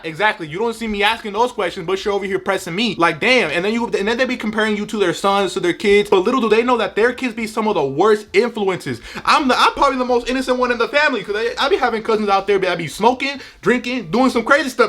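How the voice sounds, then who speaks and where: A young Mexican-American man with a high, bright-sounding voice rattles through a comedic rant. He talks fast and animated, slangy and teasing, and drops in Spanish. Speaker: comedic vlogger.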